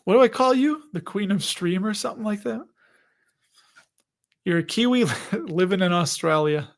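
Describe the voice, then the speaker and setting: A gravelly, high-pitched man in his forties hosts a casual investing livestream at a moderate pace. He chats and jokes as he answers viewer questions.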